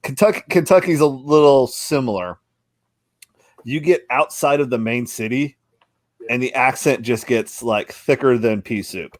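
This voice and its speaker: A man co-hosting a podcast in casual chat, relaxed and swearing, often trailing off mid-sentence. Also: mid-range voice, unhurried. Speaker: podcast co-host.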